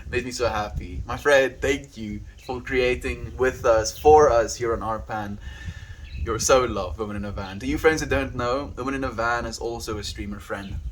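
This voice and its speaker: A laid-back man talks to his livestream viewers in a loose, rambling way and thanks them one by one. His voice sits at a middle pitch. A faint hiss runs under the recording. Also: moderate pace. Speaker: daily livestreamer. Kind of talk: casual livestream chat with viewers.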